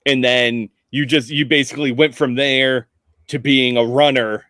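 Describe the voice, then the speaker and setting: A man's voice: medium pitch, steady tone, normal speed, fairly bright tone, dry recording. A man running a tabletop game as game master, narrating scenes loosely with many fillers.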